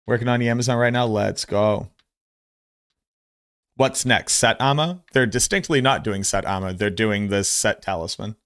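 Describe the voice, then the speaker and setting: A man streaming, giving casual commentary in a blunt, excitable way and swearing freely. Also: on the low side, normal speed, no echo, studio quality.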